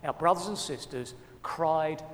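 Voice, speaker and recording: A man preaching a sermon with passion, his delivery sweeping from loud appeals to hushed, quiet lines. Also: a little high, unhurried. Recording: long hall reverb.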